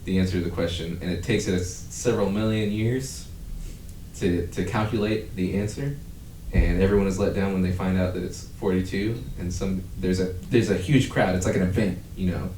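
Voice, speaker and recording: A man's voice: low-pitched, steady tone, a little fast, dark tone, far from the mic, a little hiss or hum. A man hosting a podcast, chatting casually and rambling, with frequent swearing. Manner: rambling, profane, breaks into laughter. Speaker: podcast host. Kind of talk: casual chat. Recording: echoey room.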